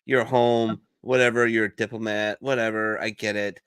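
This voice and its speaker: A man's voice: lowish voice, level tone, normal speed, fairly bright tone, clean tone, no echo. A man hosting a casual livestream, rambling with profane asides over a video call. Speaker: livestream host. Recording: dry close stream audio.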